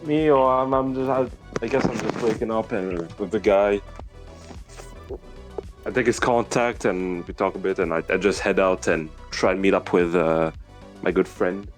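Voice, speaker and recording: A man playing in a tabletop game, describing his character's actions haltingly. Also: on the low side, fairly even intonation, soft background music. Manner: halting, stumbling. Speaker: player.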